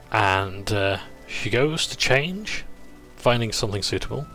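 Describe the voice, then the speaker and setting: A man's voice: on the low side, lively intonation, measured pace, sharp tone, soft background music. Rambling man recapping a tabletop game. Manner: rambling, chuckling, self-interrupting. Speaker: player recapping a tabletop campaign. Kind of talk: casual narrated recap.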